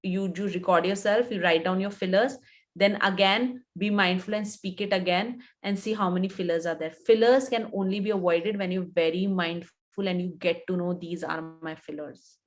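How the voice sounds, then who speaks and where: Her voice sits on the low side, with a steady tone and moderate pace. She's an image coach in her thirties with an Indian English accent, advising instructively in a live webinar and going over her points again for emphasis.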